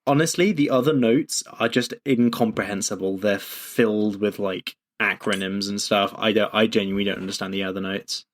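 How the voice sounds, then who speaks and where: A man's voice: fairly low pitch, a little fast, hardly any pauses. A young man co-hosting a podcast in casual chat, easygoing, often reading things aloud. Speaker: podcast co-host.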